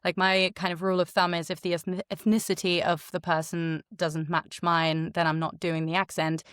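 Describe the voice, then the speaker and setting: A woman with a slightly low voice chats animatedly as a guest, full of fillers like "you know" and quick restarts. The sound is dry and close, with no room around it. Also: flat delivery, fairly bright tone, smooth, no room sound. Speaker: voice actor guest. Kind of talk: casual interview chat.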